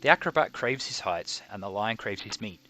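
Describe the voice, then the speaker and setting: A man's voice: lowish voice, animated, fairly quick, pushed and bright. A man voicing a pompous, lovesick male circus harlequin who misuses grand words, read aloud over a game. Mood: theatrical. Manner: grandiloquent, uses big words wrongly. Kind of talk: reading game dialogue aloud.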